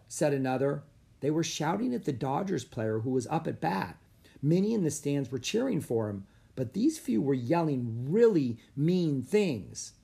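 Husky, animated reader for a children's chapter book who punches up every shout. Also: normal speed. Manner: acts out shouts with sudden loud, high bursts. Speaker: audiobook narrator. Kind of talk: storybook read-aloud.

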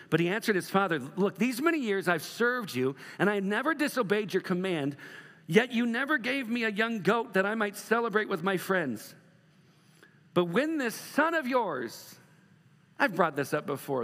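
A middle-aged man preaching a sermon as a pastor, moving from loud emphatic bursts to soft, slow passages. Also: sits high, in a large hall.

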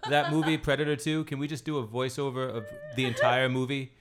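A man co-hosting a podcast in casual chat, excited, often stumbling and restarting his sentences. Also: medium pitch, brisk, over music. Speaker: podcast co-host.

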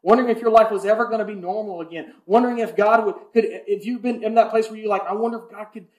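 High-voiced preaching man, echoey church. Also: fast. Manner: impassioned preaching, swinging from hushed to loud. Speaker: pastor. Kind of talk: sermon. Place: church sanctuary.

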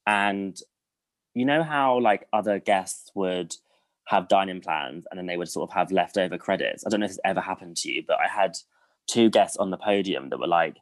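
A young British man with a low, deep voice tells stories in a loose, chatty way, leaning on fillers as he goes. The sound is dry and close, with no room around it. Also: normal speed, no room sound. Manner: chatty storyteller, lots of fillers. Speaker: guest. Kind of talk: casual chat.

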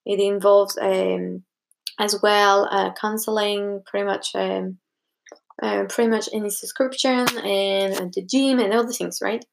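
A woman's voice: mid-range voice, flat delivery, measured pace, creaky. A young woman talking casually to camera, giving advice. She rambles, with plenty of fillers and restarts, and acts out what other people said to her.

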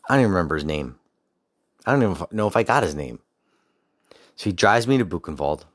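A young adult man with an extremely low, deep voice tells a personal story as a podcast host. He rambles casually, restarting sentences and adding asides, and turns to reflections on his faith. The sound is dry, with no room echo. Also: very animated, fast.

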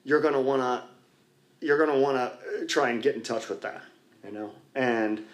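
A man sharing candidly at a recovery meeting, rambling and poking fun at himself, with lots of "you know.". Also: medium pitch. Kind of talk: candid personal talk to a group. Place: church basement.

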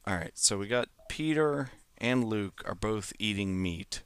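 Man, low voice, deadpan, dry jokes, casual chat. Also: measured pace, a crowd in the background.

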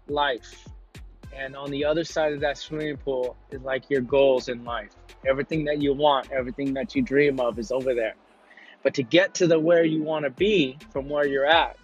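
A man's voice: fairly high pitch, husky. A man hosting a podcast, telling a motivational story in an earnest way, often repeating himself and restarting his sentences. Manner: repetitive, earnest, stumbling restarts. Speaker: podcast host. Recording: muffled lo-fi with faint music.

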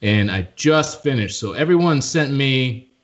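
A man's voice: medium pitch, expressive, a little slow, dull audio. A man from Chicago with a Chicago accent, chatting easily as a podcast guest. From Chicago, US Midwest. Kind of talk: casual chat.

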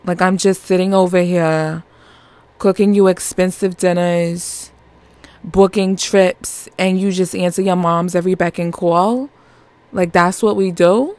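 A woman voicing an exasperated, neglected young husband in a put-on New York accent, complaining in a slow, drawn-out way. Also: lowish voice, steady tone, darkish tone, dry recording, natural voice. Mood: aggrieved.

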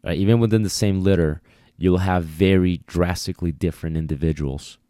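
A man's voice: sits low, a little fast, dark tone, no echo, studio quality. A man who trains dogs, talking casually and repeating himself as he explains puppy biting. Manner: conversational, repeats himself, voices the puppy's thoughts. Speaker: dog trainer. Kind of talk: casual instructional talk.

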